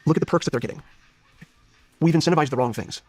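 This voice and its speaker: Male candidate, 30s, earnest and searching, quick delivery, slightly husky tone. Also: on the high side, darkish tone, no room sound, faint music behind. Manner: earnest, searching, many restarts. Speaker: political candidate, guest. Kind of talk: interview conversation.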